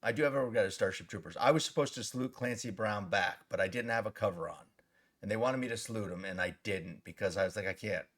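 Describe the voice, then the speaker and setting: A middle-aged man, an actor, telling stories in a casual interview, animated and swearing freely. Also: lowish voice, quick pace.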